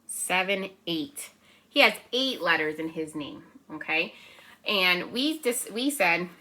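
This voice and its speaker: A young woman teaches small children from home in a bright, clear voice that sits a little low. She speaks gently and encouragingly, slows down to count and clap out syllables, and keeps checking in with her listeners. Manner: counts and claps out syllables slowly. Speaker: preschool teacher. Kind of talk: remote circle-time lesson for young children.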